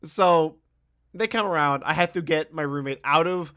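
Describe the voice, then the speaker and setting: Bright-voiced young man telling a story. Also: fairly high pitch, a little slow. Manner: animated, laughing, swearing. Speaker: streamer. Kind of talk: casual storytelling.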